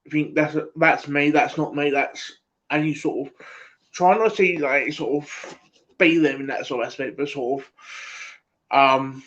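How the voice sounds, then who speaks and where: A man with an Essex accent talks to his stream chat in a loose, halting ramble, stacking fillers and tossing "mate" into nearly every sentence. His voice sits a little high for a man, and the audio is muffled and lo-fi. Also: fairly bright tone. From England. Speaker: livestream host. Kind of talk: casual live-stream chat.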